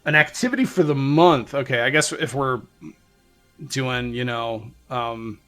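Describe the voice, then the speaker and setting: A man's voice: medium pitch, unhurried, a bit bright, faint music behind. A man hosting a casual let's play, chatting, laughing often and reading the game's text aloud. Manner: chatty, laughs often, trails off mid-thought.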